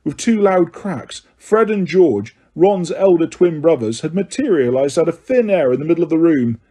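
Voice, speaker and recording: A man reading an audiobook in a steady storytelling voice. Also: a little high, moderate pace, husky. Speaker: audiobook narrator. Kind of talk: audiobook narration.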